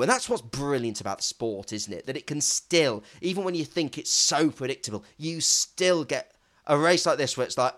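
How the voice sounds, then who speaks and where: Male podcast co-host, casual chat, emphatic and lively, voice sits a little high. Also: normal speed. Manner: animated, emphatic, self-mocking.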